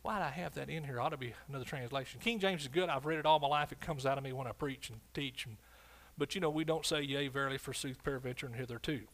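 Pastor guy preaching, kinda high voice, gets loud then real quiet, keeps asking amen. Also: fast, few pauses. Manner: swings from loud preaching to quiet asides, calls for amens. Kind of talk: sermon.

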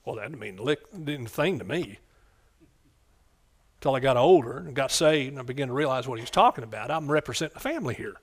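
A middle-aged man preaching a fervent sermon, calling out for amens and swinging between soft asides and loud bursts. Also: medium pitch, expressive, brisk.

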